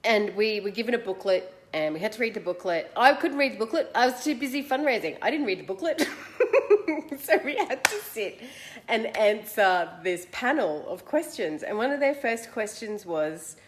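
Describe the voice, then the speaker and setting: An Australian woman in her forties, hosting and telling a personal story in a chatty, animated, self-mocking way. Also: mid-range voice, normal speed. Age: 40s. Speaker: host.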